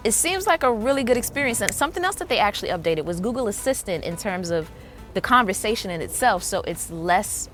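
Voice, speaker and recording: Low-voiced enthusiastic woman vlogger. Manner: chatty, enthusiastic, lots of "like" fillers. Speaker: tech vlogger. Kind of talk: casual tech review vlog.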